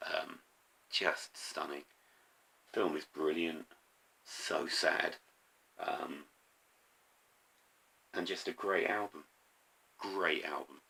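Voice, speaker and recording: A middle-aged man talking casually to camera about his favourite records, eager but halting, with many pauses and ums. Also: a bass voice, gravelly, bright, forceful tone, breathy edge. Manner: enthusiastic, halting with frequent ums. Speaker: vinyl record collector vlogger.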